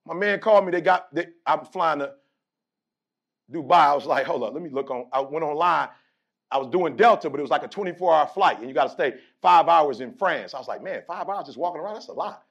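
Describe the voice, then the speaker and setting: A man giving a preacher-like pep talk to a college sports team. He talks in an emphatic rhythm, acts out conversations when telling stories, and leads call-and-response chants that build to shouts. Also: fairly high pitch, expressive, a little fast, vocal fry, muffled recording. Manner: storytelling and playful, acting out conversations. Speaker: motivational speaker addressing a college sports team.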